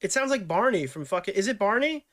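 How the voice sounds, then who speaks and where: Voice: medium pitch, expressive, fast talker, a bit bright, slight background noise. A commentator reacting casually, scoffing and swearing as they ramble.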